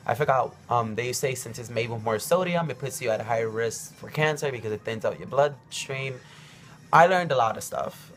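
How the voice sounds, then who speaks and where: A man's voice: mid-range voice, fairly bright tone. A young man in his early twenties telling a personal story to his camera at home, rambling and emotional, with many ums and likes. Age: young adult. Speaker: vlogger.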